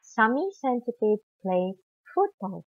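A woman reading a children's picture book aloud in an animated, expressive manner. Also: fairly high pitch, slow pace, slightly rough, no room sound, dull audio. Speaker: storyteller.

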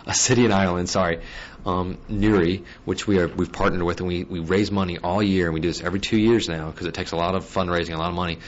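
Fast-talking deep-voiced joking man. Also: fairly even intonation. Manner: quick, joking, restless energy. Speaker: guest musician and guitar teacher. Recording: dull lo-fi sound with faint hiss.

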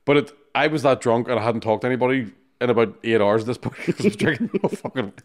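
A man, co-hosting a podcast, telling profane stories at a rapid clip and often laughing. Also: medium pitch, animated. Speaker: podcast co-host. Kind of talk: casual storytelling chat.

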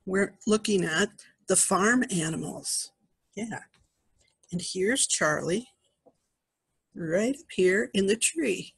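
In a husky, mid-range voice with no room sound, a grandmother shares a picture book with small children. She takes her time, speaking gently and pointing out each animal in the pictures.

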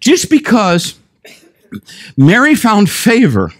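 A gentle, fatherly male God speaks in a calm, coaxing way, as an older male preacher puts him on. The voice stays high and moves about a lot, as in a lively sermon. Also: takes it slowly, exaggerated voice. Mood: earnest.

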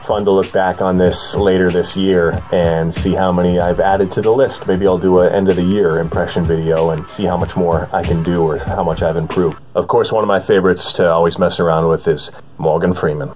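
A man's voice: sits low, flat delivery, a little fast, hardly any pauses, darkish tone, a little hiss or hum. A man hosting a casual vlog, chatty and self-deprecating. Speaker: vlogger.

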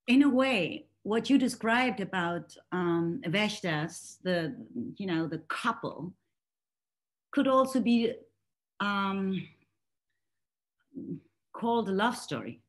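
Woman on a video call, searching for words, lots of restarts, mid pitch. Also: animated, slow, pauses often. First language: German. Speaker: guest reader in a book talk. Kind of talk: online book discussion.

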